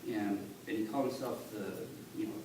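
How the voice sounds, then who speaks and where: A man giving a halting, earnest personal testimony at church, recorded on a phone from the congregation. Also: fairly low pitch. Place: church sanctuary. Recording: echoey church on a distant phone, noisy.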